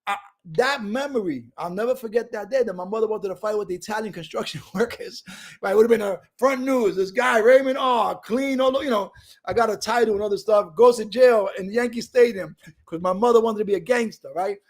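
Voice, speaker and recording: A middle-aged man from Brooklyn gives an animated, streetwise recovery testimony over a video call. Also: high-pitched, fairly quick. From Brooklyn, New York. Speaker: recovery speaker.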